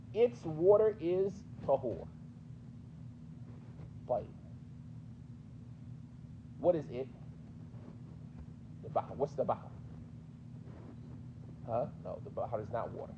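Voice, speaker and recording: A man's voice: mid-range voice, brisk, pauses often, phone-quality sound, a little hiss or hum. A man with a New York accent teaching a mosque class, questioning his students in a conversational way. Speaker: teacher explaining hadith.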